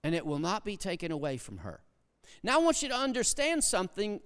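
A pastor preaching a sermon, swinging between hushed, low passages and loud, emphatic ones. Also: male voice, wildly swooping pitch, a little fast, smooth. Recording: long hall reverb.

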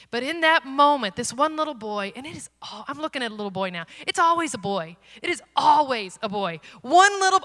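A woman giving an earnest, self-deprecating testimony as a missionary speaker, swinging from loud to hushed. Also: mid-range voice. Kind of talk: personal testimony sermon. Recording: long hall reverb.

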